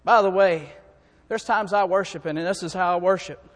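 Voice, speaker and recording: Male preacher, very high voice, fervent sermon delivery, long hall reverb. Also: moderate pace. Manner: rising to fervent shouting peaks. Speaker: preacher and song director.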